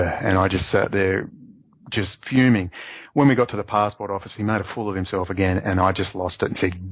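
A man speaking as a guest in a remote interview, excitable and ranting, his voice leaping up in pitch to stress points. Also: fairly quick, no echo. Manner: excitable, ranting, voice leaps up for emphasis. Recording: dull lo-fi audio.

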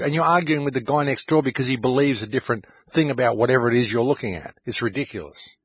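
A middle-aged male radio host rants urgently and passionately, speaking straight to his listeners. His voice sits at medium pitch with a breathy edge, and he talks fast with hardly any pauses on a dry recording.

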